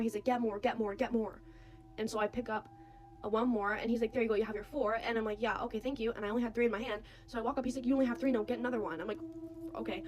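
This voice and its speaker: A young woman telling a story casually, full of "like" and acting out what others said. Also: on the high side. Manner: animated, quotes others' voices, many "like"s.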